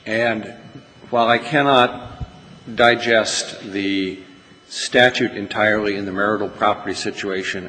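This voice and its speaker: A man's voice: fairly low pitch, fairly bright tone. A man giving rebuttal as an attorney, composed and articulate with a lightly wry touch. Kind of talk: courtroom oral argument. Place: large courtroom. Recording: reverberant courtroom with faint noise.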